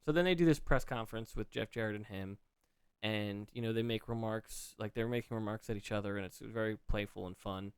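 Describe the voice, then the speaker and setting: A man's voice: fairly low pitch, fairly quick, clear, resonant tone, no room sound. A man co-hosting a podcast, recapping a wrestling story in casual chat, rambling with frequent restarts and fillers. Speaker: podcast co-host.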